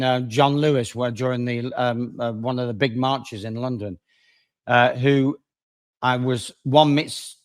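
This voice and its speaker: A man, a lawyer appearing as a guest, telling a story in conversation with dramatic swings between loud and quiet. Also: mid-range voice. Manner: animated, dramatic swings in loudness.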